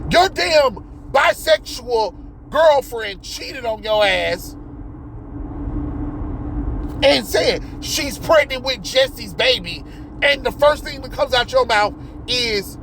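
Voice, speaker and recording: Commentator: fired-up man with a high voice, loud, profane, exasperated rant. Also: lively intonation, slow pace, gravelly, slight background noise, poor audio. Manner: loud, exasperated, swears constantly, shoots up to yelps. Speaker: video commentator.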